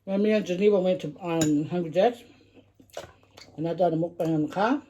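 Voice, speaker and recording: A woman's voice: on the low side, fairly quick, mellow, slight background noise. A middle-aged woman, chatting casually while eating and humming over her food. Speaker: vlogger eating with her daughter. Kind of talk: casual mukbang chat.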